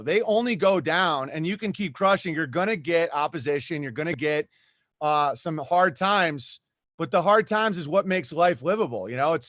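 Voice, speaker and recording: A man's voice: on the high side, a bit bright, dry recording, studio quality. A man who is a comedian, talking as a podcast guest and ranting in a rambling way with lots of asides. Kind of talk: animated podcast conversation.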